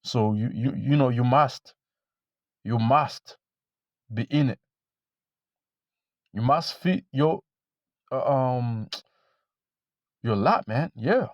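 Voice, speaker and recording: A man preaching informally to camera, blunt and profane, repeating himself and reading scripture slowly. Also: medium pitch, dry recording, lo-fi sound. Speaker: religious teacher.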